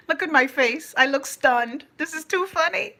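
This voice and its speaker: Streaming live from her phone, a Bahamian woman chats in a relaxed way and reads out comments from viewers. She laughs a lot, stays lively and playful, and has a high voice.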